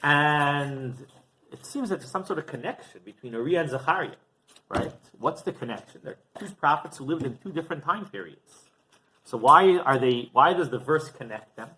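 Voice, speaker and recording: A rabbi giving a storytelling sermon, animated and often asking rhetorical questions. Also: male voice, a little high, normal speed, a little hiss or hum.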